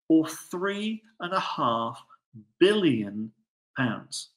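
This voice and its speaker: Animated man preaching in an echoey church. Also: a little high, slow. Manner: animated storytelling, rhetorical questions. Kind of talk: sermon.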